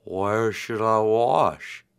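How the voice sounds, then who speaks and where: A man voicing a slow, patient male turtle in a storybook tale, drawing out his words. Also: fairly low pitch, creaky, clear, resonant tone, heavily acted. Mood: weary. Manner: slow and drawn-out.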